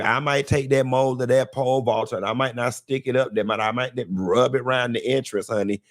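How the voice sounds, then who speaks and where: A man hosting a live show, talking in a flamboyant, sassy way with drawn-out endearments and playful, dramatic rambling. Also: medium pitch. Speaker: host. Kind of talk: live-stream commentary.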